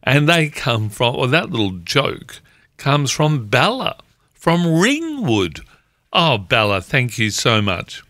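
Playful radio host, slow and bright. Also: male voice, mid-range voice, big pitch swings, dry recording, clean studio sound. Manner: playful, reading jokes aloud. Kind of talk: community radio show hosting. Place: radio studio.

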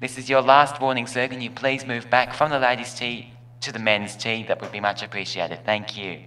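A man's voice: mid-range voice, fairly even intonation, moderate pace, pushed and bright, a little hiss or hum, lightly acted. A man voicing a golf clubhouse announcer in a joke, formal and overly polite. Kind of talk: joke told with put-on voices.

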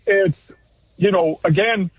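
A man calling in to a radio show, chatting casually and haltingly, repeating words as he starts. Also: sits high. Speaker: caller. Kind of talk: casual phone-in chat. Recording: tinny phone line.

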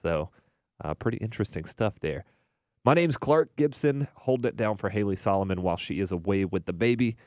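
A young man hosting a radio music show, chatting in a relaxed, rambling way full of "uh"s and restarts. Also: deep voice, quick pace, dry recording, studio quality. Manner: relaxed, rambling, filler-heavy. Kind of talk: casual radio DJ chat. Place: radio studio. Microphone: studio mic.

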